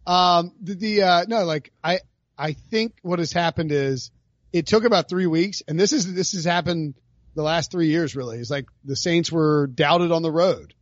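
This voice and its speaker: A man's voice: fairly high pitch, moderate pace, no room sound, lo-fi sound. A man hosting a sports betting podcast, talking in an emphatic, ranting, hyperbolic way. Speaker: podcast host.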